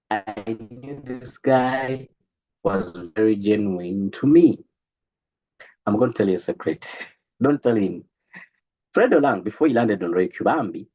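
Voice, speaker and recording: Animated man giving a lo-fi coaching talk. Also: lowish voice, husky. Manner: animated, repeats words, stumbles, preachy. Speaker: business coach. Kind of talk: motivational talk to a group. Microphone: online call.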